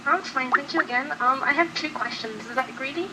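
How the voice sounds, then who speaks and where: A woman calling into a live show, politely asking quick questions in a soft voice. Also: sits high, a crowd in the background, low-quality recording. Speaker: caller.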